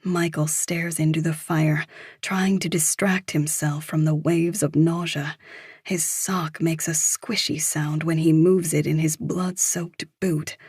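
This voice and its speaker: A woman narrating a thriller audiobook in a measured, even reading. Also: sits low, breathy edge, dry recording, clean studio sound. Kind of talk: scripted narration.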